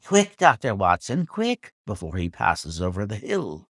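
A man voicing a pompous, irascible old squire who talks in an indignant, excitable, declamatory way in a storybook reading. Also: lowish voice, measured pace, no echo, studio quality, full character voice. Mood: urgent.

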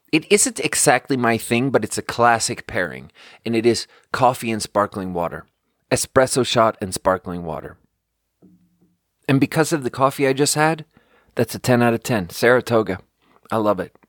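A young man hosts a podcast, loosely rambling through a story in conversational fashion and using "like" over and over. His pitch is medium, and the audio is studio quality without echo.

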